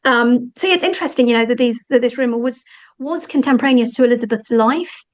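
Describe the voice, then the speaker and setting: A woman talking as the guest author in an interview, animated and thinking aloud with frequent fillers. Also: fairly high pitch, fast, poor audio. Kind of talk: conversational interview.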